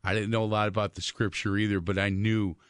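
A man hosting a talk show, speaking earnestly in a halting way after a guest's testimony. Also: fairly low pitch, flat delivery, clear, resonant tone, no echo, clean studio sound. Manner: halting, earnest, full of fillers and restarts. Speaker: radio show host.

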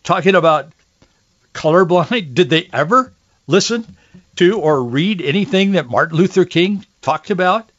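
A man's voice: sits high, lively intonation, moderate pace, a bit bright. A man hosting a political talk show, giving indignant, sarcastic commentary, often restarting his sentences. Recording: dull lo-fi audio.

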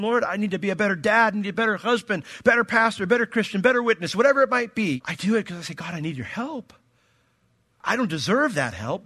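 Emphatic, lively male preacher. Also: a little high. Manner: animated, emphatic preaching with acted-out quotes. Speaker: pastor. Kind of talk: sermon.

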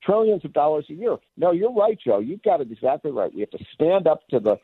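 A male commentator talking on the phone, animated and insistent, with many fillers. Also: on the high side, quick pace, husky, no room sound. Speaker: guest commentator. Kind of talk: opinionated phone interview. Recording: tinny phone line.

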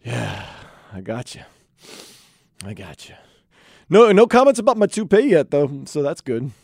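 A man's voice: fairly high pitch, huge pitch swings, unhurried, gravelly, darkish tone, no echo. A man hosting a sports radio show in a studio, joking about himself between headlines. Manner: playful, self-mocking, jokey.

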